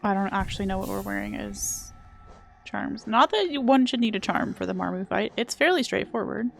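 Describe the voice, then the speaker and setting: A young woman chats through a gameplay stream, rambling and poking fun at herself. Her voice sits at a middle pitch and carries a gravelly, creaky texture. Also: moderate pace, faint music behind. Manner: chatty, rambling, self-deprecating. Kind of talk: casual gameplay chat.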